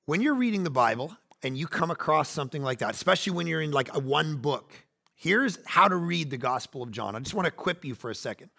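Gravelly, bright-voiced preacher man in his forties. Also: on the high side, quick pace. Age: 40s. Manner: animated preaching, swings between loud bursts and hushed asides. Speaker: pastor. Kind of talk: sermon.

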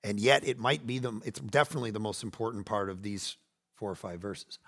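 A man in his forties preaching a sermon, animated, swinging between loud bursts and hushed asides. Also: on the low side, a little fast, gravelly. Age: 40s. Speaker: pastor.

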